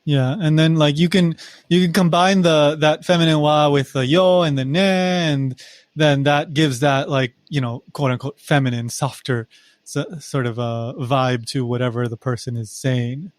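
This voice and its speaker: A man co-hosting a podcast in relaxed casual chat, adding examples and qualifications, on a close mic. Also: on the high side, normal speed, no echo. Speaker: podcast co-host.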